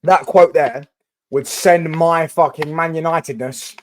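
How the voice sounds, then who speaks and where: Young man, Mancunian accent, slightly high pitch, casual football reaction, rambling, swears. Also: steady tone, unhurried, slight background noise. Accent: Mancunian English. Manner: rambling, swears, restarts often. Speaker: football channel host. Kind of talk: casual solo reaction commentary.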